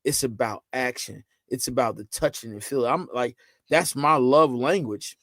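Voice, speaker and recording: A man as a podcast guest, talking about fatherhood in a loose, animated, emphatic way, full of repeats and "you know what I'm saying.". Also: medium pitch, normal speed, no echo. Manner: animated, emphatic storytelling with lots of repetition. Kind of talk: casual conversational interview.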